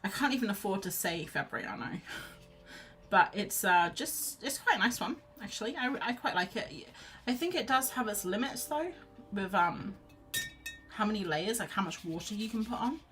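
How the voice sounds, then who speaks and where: A woman's voice: medium pitch, animated, moderate pace, fairly bright tone, faint music behind. A woman hosting a casual live painting chat, chatty and self-deprecating, laughing often. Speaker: art livestream host.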